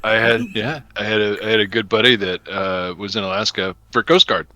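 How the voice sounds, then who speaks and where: A man's voice: fairly low pitch, steady tone, fairly quick, crowd noise. A man hosting a casual chat while gaming, talkative and jokey, laughing often. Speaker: podcast host and co-player.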